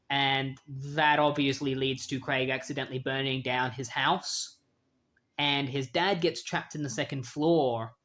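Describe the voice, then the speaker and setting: A man hosting a casual comic book retrospective, an animated storyteller who acts out characters' lines. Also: mid-range voice. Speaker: host.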